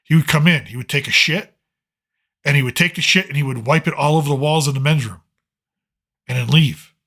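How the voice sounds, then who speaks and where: A man's voice: a little high, fast talker, sharp tone. A middle-aged man with a Boston accent, hosting a live stream in a rambling, sardonic casual monologue full of restarts. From Boston, Massachusetts.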